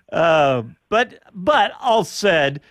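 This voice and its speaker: A chatty male show host leads a casual motorsport conversation with a lively, swooping delivery. His voice sits a bit high, and the recording is dry and close. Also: dry recording. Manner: animated and chatty, laughs often.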